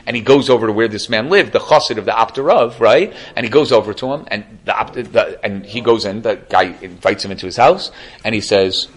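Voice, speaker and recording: A man giving a Torah class as a rabbi, telling stories with animated asides. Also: lowish voice. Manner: animated storytelling, quick asides. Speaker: rabbi lecturer.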